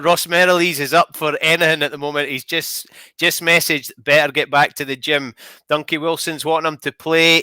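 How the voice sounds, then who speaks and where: Male podcast host, bright and a touch high, upbeat and teasing. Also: smooth, dry recording. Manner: upbeat, teasing, reads out messages. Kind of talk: casual chat.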